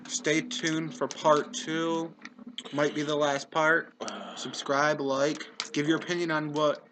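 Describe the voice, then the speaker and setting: A man's voice: on the high side, flat delivery, takes it slowly, background noise. A man casually co-hosting a review chat, giving plain, matter-of-fact opinions. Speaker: co-host reviewing a TV series.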